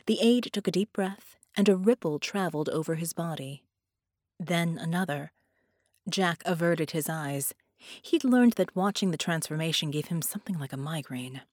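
A woman reading a science-fiction story aloud as narrator, in a steady storytelling manner. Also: low-pitched, normal speed, dry recording, clean studio sound. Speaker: audiobook narrator. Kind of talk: scripted narration.

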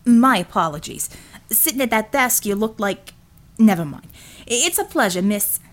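A woman's voice: fairly high pitch, expressive, normal speed, natural voice. A woman voicing a brash, chauvinist middle-aged male builder who talks with folksy swagger in an audiobook. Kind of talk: audiobook character voice.

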